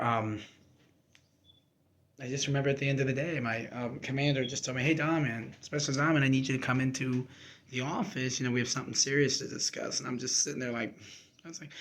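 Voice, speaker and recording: Young guy telling his story to camera, rambly and raw, lots of ums. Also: medium pitch. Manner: candid and emotional, rambling with fillers and restarts. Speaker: army reservist sharing his story.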